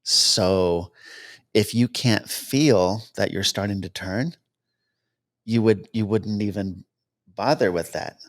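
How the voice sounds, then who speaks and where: A man with a lowish voice tells stories as a podcast guest, plainly and casually. He slips into the voices of the people he quotes, jumping higher in pitch to play them out. It sounds like easygoing chat rather than a prepared talk. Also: slow pace. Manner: anecdotal, acts out quoted dialogue with lively pitch jumps. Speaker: guest, helicopter cameraman. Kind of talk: casual storytelling interview.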